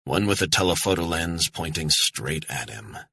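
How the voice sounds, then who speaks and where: A low, husky male voice reading a dark thriller audiobook with grim, measured delivery. His tone is bright and forceful despite the depth. The sound is dry and close to the mic. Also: lively intonation, no echo. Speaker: audiobook narrator. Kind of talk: scripted thriller narration.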